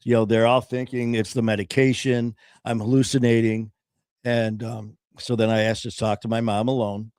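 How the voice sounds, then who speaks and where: An earnest man tells his own story in casual talk, pausing and restarting as he goes. His voice sits in a middle register and is recorded with a dry, close sound. He voices the people he quotes in his own voice. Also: medium pitch, little pitch movement, darkish tone, smooth, no room sound. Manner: earnest, halting, often pausing with "um".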